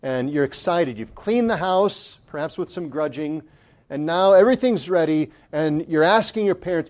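A man preaching to his congregation in an earnest, pleading sermon style. His voice sits somewhat high for a man, and he swells into impassioned emphasis before easing back to a quieter, teaching tone. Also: expressive, normal speed. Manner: addresses congregation as brethren.

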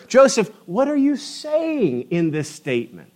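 A man preaching a sermon with a slightly high voice. He delivers it in an animated, emphatic way and keeps putting rhetorical questions to his listeners. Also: a little slow, hardly any pauses. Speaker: pastor.

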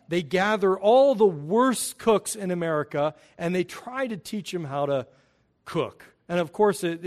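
Earnest man preaching with rising emphasis. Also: fairly high pitch. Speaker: pastor. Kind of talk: sermon.

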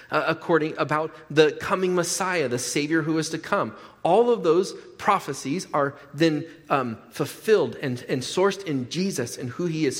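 Man preaching in a reverberant hall. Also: fairly high pitch. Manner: conversational preaching with restarts and emphatic repetition. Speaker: pastor. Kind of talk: sermon.

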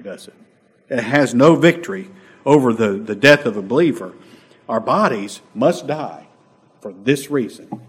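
A man preaching a sermon as a pastor, swinging between loud emphatic lines and soft, quiet asides. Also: medium pitch, breathy edge, big-room sound.

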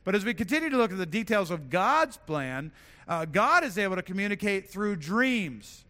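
A man's voice: high voice, sing-song, moderate pace, pushed and bright, big-room sound. A man preaching a sermon, earnest and conversational, often restarting and repeating words as he builds his point. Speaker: pastor.

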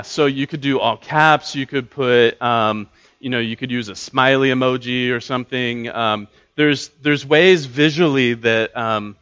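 A man's voice: medium pitch, fairly bright tone, highs cut off. Man teaching a Bible class, hesitant. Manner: casual, hesitant, many fillers and restarts.

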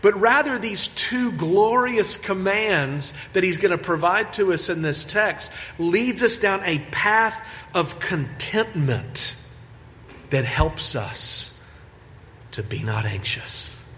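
Male pastor, fairly high voice, slow and deliberate preaching, long church reverb. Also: lively intonation, sharp tone, a little hiss or hum. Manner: measured preaching, stretching key words, rising for emphasis. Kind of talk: sermon. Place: church sanctuary.

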